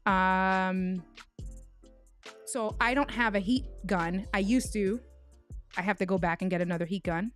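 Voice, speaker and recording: A woman's voice: mid-range voice, fairly bright tone, faint music behind. A woman hosting a casual livestream, telling a tech mishap story and greeting viewers by name with lots of restarts. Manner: tells stories with quick restarts. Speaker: livestream host.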